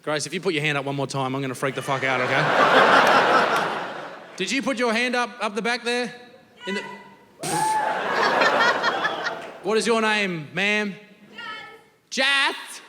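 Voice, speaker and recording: A young Australian comedian performs a crude, brash stand-up set for a live audience, telling stories full of swearing. His voice sits high, with wildly swooping pitch, a slightly slow pace and long pauses. The recording carries live hall reverb and faint noise.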